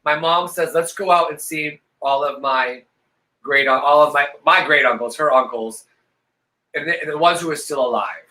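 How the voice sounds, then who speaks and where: A man's voice: a little high, moderate pace, bright, forceful tone, low-quality recording. A man co-hosting a live talk stream, telling a long story with lots of swearing and acting out the voices of the people in it. He is tipsy from a couple of glasses of vodka. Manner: profane, theatrical, acts out quoted voices. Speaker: co-host.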